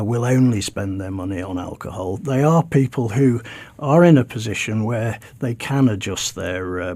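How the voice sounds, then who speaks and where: A man speaking as a public health guest in a radio debate, measured and hesitant. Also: lowish voice, darkish tone.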